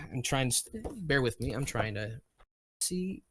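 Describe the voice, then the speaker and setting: A man running a tabletop game as game master, talking in an unhurried, searching way with many fillers and restarts. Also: medium pitch, animated, a bit bright, a little hiss or hum.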